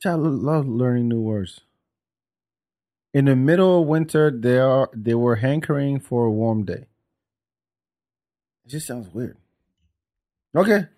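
A man's voice: medium pitch, a little slow, long pauses, dark tone. A man hosting a casual podcast, stumbling over words and laughing at himself a lot. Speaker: podcast host. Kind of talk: casual joking chat.

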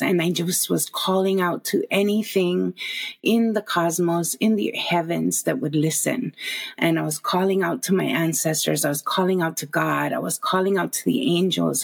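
A woman in her forties with a lowish, gravelly voice that turns husky at the edges. She recounts a personal story as a podcast guest, earnest and emotional, often stopping to restart a sentence. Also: fairly even intonation, normal speed. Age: 40s.

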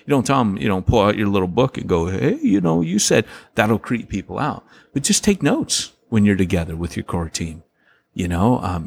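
A man's voice: medium pitch, slightly rough. A man co-hosting a casual podcast, rambling through points and acting out quotes with lots of laughs. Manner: animated storyteller, acts out quotes, laughs often; rambling, many restarts and fillers. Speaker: podcast co-host.

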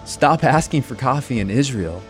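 A man's voice: medium pitch, normal speed, soft background music. A man hosting a podcast, teaching about the Bible in a conversational way and telling a personal story along the way. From United States. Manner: conversational, animated storytelling with small restarts.

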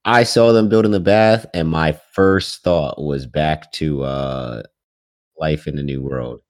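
A man's voice: very deep voice, fairly even intonation, slow pace, smooth. A young man co-hosting a casual podcast chat, laid-back and slangy, laughing often. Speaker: podcast co-host. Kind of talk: casual chat about an anime.

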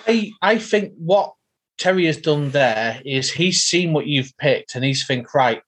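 A man's voice: fairly high pitch, a little slow, fairly bright tone, slightly rough. A man co-hosting a casual podcast chat, enthusiastic and teasing. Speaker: podcast co-host.

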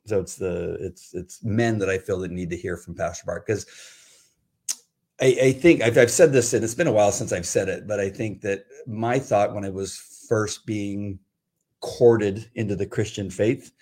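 Guy co-hosting a christian chat show, lowish voice, easygoing, keeps restarting his sentences. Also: normal speed. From Southern California. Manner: relaxed, restarts sentences, laughs often. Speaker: co-host of a Christian devotional show. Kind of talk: casual chat with his wife.

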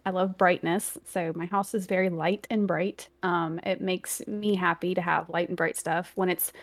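A young woman with a Louisiana accent, chatting casually over a video call as a streamer, laughing often and getting animated when she gets passionate. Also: lowish voice, normal speed. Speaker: streamer and guest. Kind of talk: casual chat. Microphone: desk mic with earbuds, video call.

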